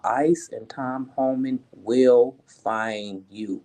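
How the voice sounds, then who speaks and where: A woman's voice: extremely low pitch, very slow, hardly any pauses, mellow, low-quality recording. A woman vlogger giving her opinions in an emphatic, indignant way, often repeating her points. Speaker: political commentary vlogger. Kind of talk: opinion vlog.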